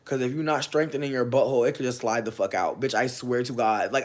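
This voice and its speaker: A woman in her thirties chatting casually on a livestream, answering viewers' comments, loud, profane and often laughing. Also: rumbling low, fairly even intonation, quick pace, hardly any pauses. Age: 30s. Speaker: livestream host.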